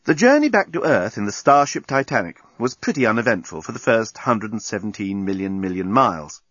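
A male audiobook narrator with a lively, swooping delivery and a slightly husky voice. He tells the story wryly, and the recording is dry and muffled. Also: lowish voice, fairly quick, no echo.

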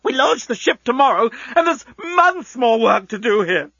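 A man putting on a vain, elderly male inventor who shrieks in high, strained bursts and breaks into sobs, his voice pitched well above the narrator's own. It's husky and a little dull, like a lo-fi recording. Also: sing-song, normal speed, pushed and bright, no room sound, heavily acted. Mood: outraged. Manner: screaming, sobbing, pitch jumping high.

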